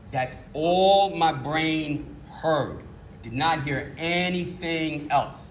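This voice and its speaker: Middle-aged new guy telling his recovery story, lively and self-mocking, slightly high voice, bit of background hiss. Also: slow pace. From New York. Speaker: recovery meeting speaker. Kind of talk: personal testimony talk.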